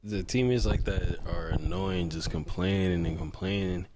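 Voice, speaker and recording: A young man, a podcast co-host, telling a story in casual chat in a relaxed, low-key way. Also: normal speed, noisy background.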